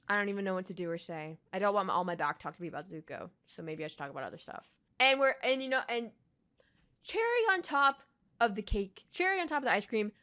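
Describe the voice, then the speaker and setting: A woman's voice: medium pitch, sharp tone. A woman vlogger ranting emphatically in reaction-video commentary, swearing freely.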